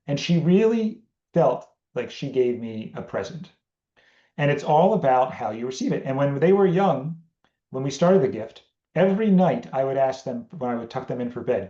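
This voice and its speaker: The host's medium-pitched voice runs a little fast on a reverberant, lo-fi podcast recording. He walks through a family communication tool in a casual lesson, playing out animated talks between himself and his daughter.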